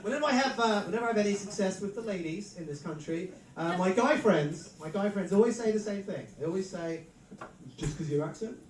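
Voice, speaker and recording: High-voiced English man hosting a comedy show. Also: lively intonation, fast, hardly any pauses, slight background noise. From England. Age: 30s. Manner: dry, self-mocking storytelling with frequent laughs. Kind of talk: stand-up comedy hosting on stage. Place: live comedy venue. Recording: roomy live venue mic from a distance. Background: audience crowd reactions.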